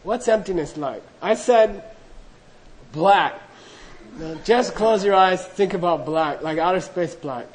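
A man's voice: high-pitched, takes it slowly, a little hiss or hum, low-quality recording. A middle-aged man telling a humorous, self-deprecating story to an audience in a loose, anecdotal way, acting out the dialogue. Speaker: speaker recounting monastery training.

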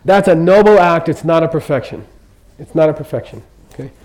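An older man with a voice on the high side and a darkish tone gives an informal Buddhist teaching in a teaching room in Kathmandu. He talks a little fast, chatty and joking, forever checking in with his listeners, on a rough recording.

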